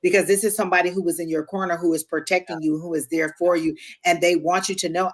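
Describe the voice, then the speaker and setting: A woman doing a live psychic reading, animated and emotional, quickly sharing each impression she gets. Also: lowish voice. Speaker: tarot reader.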